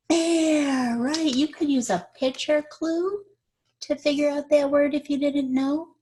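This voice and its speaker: A woman's voice: a little high, dark tone, husky. A woman teacher reading a picture book aloud to children, drawing out key words and stopping to quiz her young listeners on rhymes. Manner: stretches out key words for effect.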